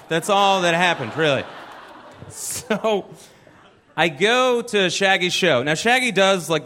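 A man's voice: high voice, bright, forceful tone. A young adult man doing a stand-up comedy set at a live venue, telling a chatty, self-deprecating story.

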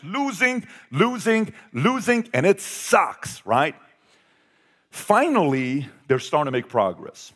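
A man giving a motivational talk to an audience, telling a family story with animated swings from loud to hushed. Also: medium pitch. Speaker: speaker.

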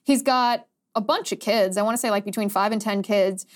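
A young adult woman hosting her own show in a sarcastic, quick, animated monologue. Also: medium pitch. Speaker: podcast host. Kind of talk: casual monologue.

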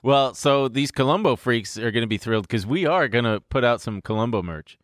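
A man's voice: medium pitch, fairly quick, no echo, clean studio sound. A man co-hosting a podcast in loose, profane, joking banter. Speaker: podcast co-host. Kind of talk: casual chat.

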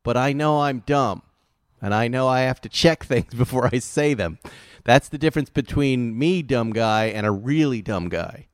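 A man in a playful comedic chat who needles his co-host with questions and laughs easily. His pitch moves with wide, lively swings. The sound is dry and close, with no room echo. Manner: teasing, quick to laugh, prodding questions. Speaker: podcast co-host.

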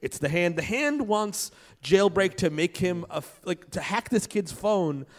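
A man's voice: high voice, animated, unhurried. A man co-hosting a podcast, rambling through a movie's plot with many fillers and jokes. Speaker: podcast co-host recapping the plot. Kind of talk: casual comedic recap.

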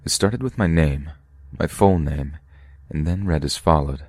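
A man narrating true scary stories for a podcast in a steady, measured way. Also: a bass voice, dry recording.

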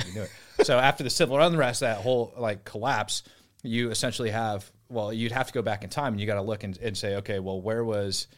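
Guy, lowish voice, blunt and casual, swears a lot, former soldier guest. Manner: blunt, swears, trails off and restarts. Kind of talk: casual conversation. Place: small room in a house.

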